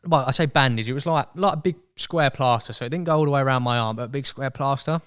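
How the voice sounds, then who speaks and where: A young man telling a story as a podcast guest in casual chat, animated and acting out voices. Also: mid-range voice, fast talker, clean tone. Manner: chatty, animated, acts out quoted voices.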